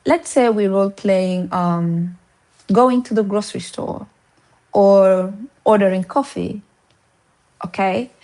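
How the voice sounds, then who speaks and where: A woman's voice: mid-range voice, slow, pauses often, dark tone. A woman teaching English in a casual spoken lesson, full of encouragement, who poses questions and answers them herself.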